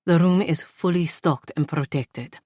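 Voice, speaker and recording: A woman voicing a protective man who stays calm and firm with his lover, in a lowered, hushed put-on voice for an audiobook. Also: a little slow, breathy edge, no room sound, studio quality. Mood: urgent.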